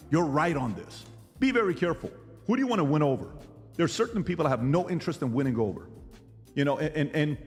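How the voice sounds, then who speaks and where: A middle-aged man argues his point in a lively, swooping voice that sits a little high for a man, firing rhetorical questions at his listener. Long reverb trails his words, with faint music underneath. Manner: emphatic, rhetorical questions, mimics others' voices. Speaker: podcast host. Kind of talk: animated debate monologue.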